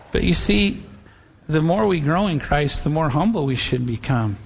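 A male pastor preaching in a loose, conversational way, joking with the congregation and speaking straight to them. His voice sits high for a man, and a long hall reverb trails after every phrase. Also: animated, moderate pace, vocal fry, husky. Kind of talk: sermon.

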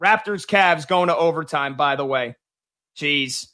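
A man with a high, bright, forceful voice talks sports live on a show. He jumps in with score updates, gets excited, and works through his thoughts out loud with quick restarts. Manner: excitable, thinks aloud in restarts. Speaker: sports talk show co-host.

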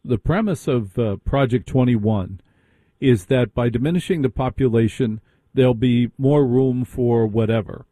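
A man's voice: mid-range voice, measured pace, warm tone, no room sound. A man hosting a late-night call-in radio show, bantering and teasing callers with dry humor. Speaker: radio host.

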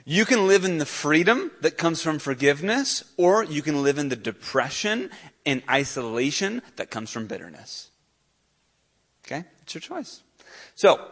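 A high-voiced male pastor delivering a sermon. He preaches earnestly and with emphasis, pushing his voice up on the points he wants to land. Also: fairly bright tone.

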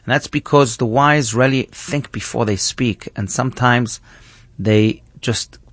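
A man's voice: mid-range voice, measured pace, no room sound. A man, a rabbi, teaching thoughtfully in conversation and often restarting his phrases. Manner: thoughtful, earnest, with frequent restarts. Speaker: rabbi, guest.

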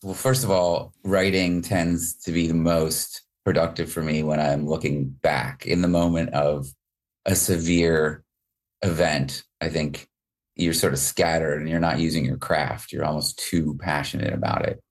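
A man's voice: a bass voice, level tone, unhurried. A man being interviewed as a musician, speaking in a reflective, wry way. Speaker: musician guest. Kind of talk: interview conversation.

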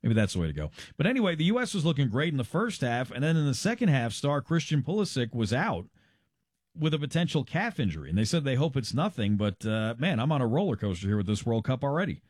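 A man's voice: medium pitch, big pitch swings, quick pace, dry recording, studio quality. A man hosting a radio show, chatting casually and joking at his own expense. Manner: joking, self-deprecating, chatty. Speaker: radio host.

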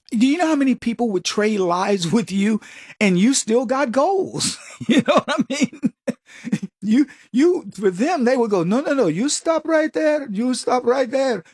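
A man's voice: sits high, a little mellow, breathy edge, no echo, clean studio sound. An older man hosting a talk show, giving casual commentary in a mocking tone and laughing often.

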